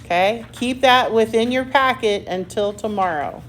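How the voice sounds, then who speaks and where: A woman's voice: a little high, slight background noise. A woman math teacher working through algebra problems step by step in a classroom, with a patient manner and the odd self-mocking aside. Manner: slow, patient step-by-step explaining.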